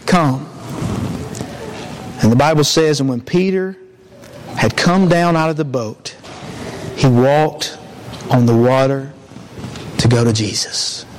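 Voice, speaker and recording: A man's voice: medium pitch, measured pace, pauses often, slight background noise. A man preaching a sermon in a church, in an earnest, conversational way with frequent restarts.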